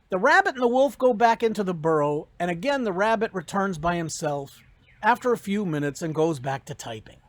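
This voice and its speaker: Brief: academic giving a recorded commencement speech, animated, storytelling. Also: medium pitch, a little fast, no echo.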